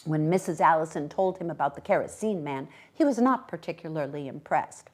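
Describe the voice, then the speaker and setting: Expressive woman reading a story aloud. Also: sits low, brisk. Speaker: guest reader.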